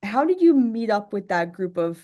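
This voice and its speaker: A woman hosting a podcast, asking a guest unhurried questions with small restarts. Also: mid-range voice, sing-song, warm tone, lo-fi sound. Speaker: podcast host. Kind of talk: interview questions.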